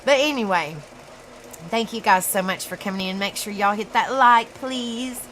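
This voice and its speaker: A woman with a Southern US accent hosting a casual live stream, chatty and laughing at herself often, in a dark room. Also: mid-range voice, normal speed, a little hiss or hum, poor audio. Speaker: livestream host.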